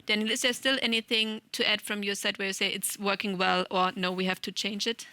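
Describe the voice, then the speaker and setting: Bright-voiced female panel moderator, dry sound. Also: medium pitch, flat delivery, brisk, dry recording. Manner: hesitant, summarizing questions.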